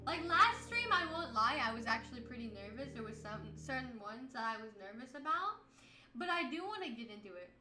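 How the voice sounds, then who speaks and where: Her fairly high, sing-song voice moves at a fairly quick clip as this worn-out streamer chats loosely with her chat readers. She laughs a lot and bursts out playfully now and then. Music plays in the background of a roomy-sounding recording.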